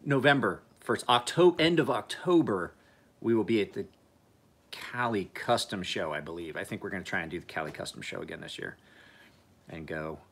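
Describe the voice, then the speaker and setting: A man's voice: low voice, normal speed, vocal fry, a bit bright, slightly rough. A man hosting a casual live stream, rambling in a laid-back way, swearing freely and laughing often.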